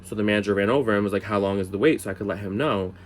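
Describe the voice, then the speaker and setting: A man telling a casual storytime vlog from his bed, animated, jumping high for quoted lines and exclamations, then dropping into quiet asides, a little tipsy. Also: rapid-fire, slight background noise. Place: bedroom, sitting on the bed.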